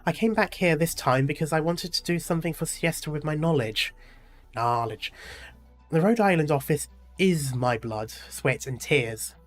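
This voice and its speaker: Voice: medium pitch, normal speed, soft background music, lightly acted. A streamer reading out a stern, caring young woman doctor in a game's story, firm and scolding in an everyday voice. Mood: resentful.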